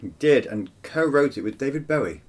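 A man's voice: mid-range voice, expressive, a little fast. A man co-hosting a casual album review chat, dry and opinionated with a teasing streak. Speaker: podcast co-host.

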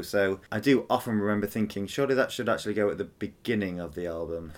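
A man co-hosting a podcast in casual chat, enthusiastic and chatty, quick to laugh. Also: on the low side. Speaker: podcast co-host.

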